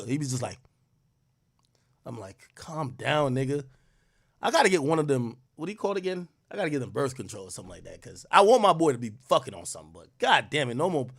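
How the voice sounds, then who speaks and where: A young man hosts a podcast in loose, casual chat, rambling through slang-heavy stories. His voice sits high for a man and swings widely in pitch as he gets animated. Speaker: podcast host.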